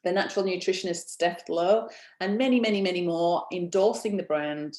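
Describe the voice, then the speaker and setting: A woman's voice: on the low side, fairly quick, darkish tone, echoey room. Chatty woman hosting a home webinar. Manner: chatty and encouraging, asks the audience questions. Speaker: business founder presenting a webinar. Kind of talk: casual webinar presentation.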